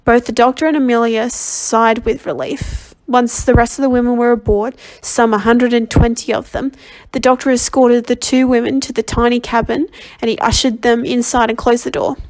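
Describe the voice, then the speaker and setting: Lady reading a storybook out loud, fairly high voice, slightly sick, trips over words and backs up to fix them. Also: level tone. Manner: halting reading with frequent self-corrections. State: slightly ill and under the weather. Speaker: volunteer audiobook reader. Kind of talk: amateur novel reading.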